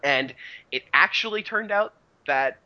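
A man's voice: a little high, lively intonation, measured pace, pushed and bright, lo-fi sound. A man co-hosting a casual podcast about video game history, rambling with many restarts and "you know" fillers. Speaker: podcast co-host.

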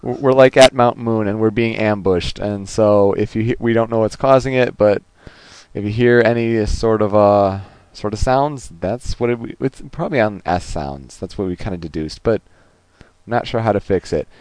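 A relaxed man co-hosts a gaming news podcast, his fairly low voice drifting through filler words. The sound is dry and close, with no room around it. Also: moderate pace, clear, resonant tone, no room sound. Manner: relaxed, rambling with many fillers. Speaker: podcast co-host. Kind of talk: casual gaming podcast chat.

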